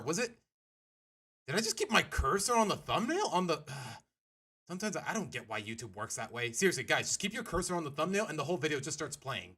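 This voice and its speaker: A man's voice: fairly high pitch, very animated, fast talker, sharp tone, breathy edge. A young man streaming, chatting casually with his viewers in a rambling, self-correcting way while reacting to a video.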